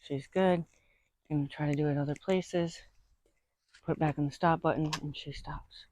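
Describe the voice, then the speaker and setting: A horse trainer outdoors, describing a training session and talking to the horse in a soothing way, with gentle, repeated reassurances. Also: mid-range voice, steady tone, normal speed, slight background noise.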